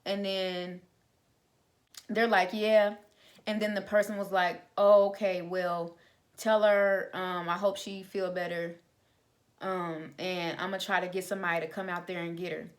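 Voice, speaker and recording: A woman's voice: lowish voice, level tone, measured pace. A young adult woman telling a personal faith testimony in an informal, conversational way, with plenty of fillers. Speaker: vlogger sharing a testimony.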